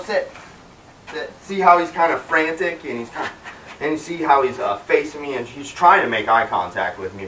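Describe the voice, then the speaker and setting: A man training a dog outdoors talks through what he is doing, breaking off to give sharp commands. His voice is bright and forceful. He stands back from the microphone, so the sound is roomy. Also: medium pitch, distant mic, slight background noise. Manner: commands the dog mid-sentence, many fillers. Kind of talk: explaining while training a dog.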